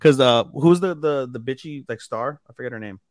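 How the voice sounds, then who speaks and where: Male podcast co-host, mid pitch, dry sound, animated casual recap. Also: a little fast, no echo. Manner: animated retelling with acted-out quotes and swearing. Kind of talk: casual anime recap chat.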